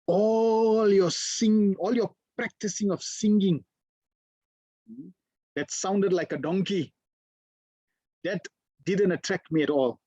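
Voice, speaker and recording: A man voicing a gentle, slow-speaking divine lord. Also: high-pitched, dry recording. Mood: tender.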